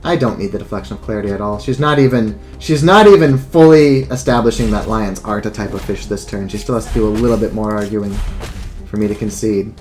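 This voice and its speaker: A man's voice: lowish voice, fast talker, darkish tone, faint music behind. Casual, profane man playing a game. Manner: casual, profane, thinking aloud. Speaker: gameplay commentator. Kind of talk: let's play commentary.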